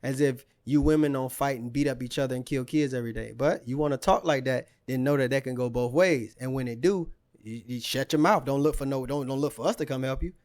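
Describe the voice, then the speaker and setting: An indignant man rants straight to the camera in a rambling opinion monologue. He keeps circling back with rhetorical questions and repeated phrases. His voice sits at an ordinary middle pitch. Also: a little fast, a little mellow. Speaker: commentator.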